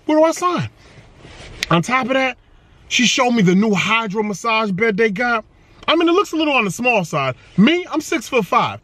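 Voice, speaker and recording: Hyped up dude vlogging, super high bouncy voice, slangy and playful. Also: male voice, very animated, moderate pace, bright, forceful tone. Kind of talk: casual hype vlog talk.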